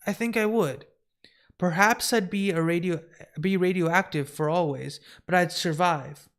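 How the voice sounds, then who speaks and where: A man's voice: high-pitched, a bit bright. A man reading a comic book aloud live, voicing a sad, lonely shapeshifting woman who stammers and hesitates as she talks of wanting to die. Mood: despairing. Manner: halting, stammering, despairing.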